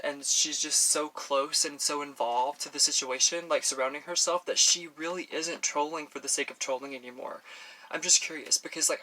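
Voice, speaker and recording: Texas guy chatting while doing his makeup, kinda high bright voice, rambly, lots of ums and restarts. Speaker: beauty vlogger. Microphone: professional audio on camera.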